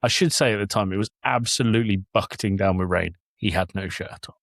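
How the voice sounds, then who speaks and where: An English podcast host who has a young child tells stories in casual chat, acting out the quotes with animation. His voice is on the low side, fast and gravelly, in clean studio sound with no room echo.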